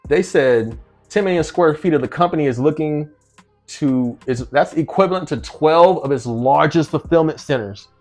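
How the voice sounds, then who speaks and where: A man from New Jersey with a slightly high, somewhat mellow voice chats casually to camera at a moderate pace, faint music playing behind him. This vlogger reads a news article aloud and reacts with rhetorical questions and frequent laughter.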